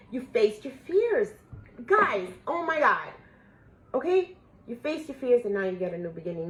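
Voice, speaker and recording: A woman doing a casual spiritual tarot reading for her viewers, emotional and a little profane, swinging between excited outbursts and hushed awe. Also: on the high side, normal speed, background noise. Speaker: tarot reader.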